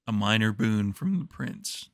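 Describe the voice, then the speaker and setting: A man voicing a calm official who speaks matter-of-factly. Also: lowish voice, measured pace.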